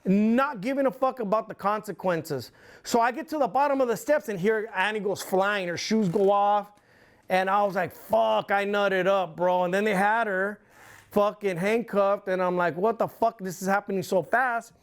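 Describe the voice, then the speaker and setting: Speaking at a moderate pace in a high-pitched voice, a middle-aged interview guest spins out a long tale. His delivery is casual, rambling and full of profanity, with lively retellings of events.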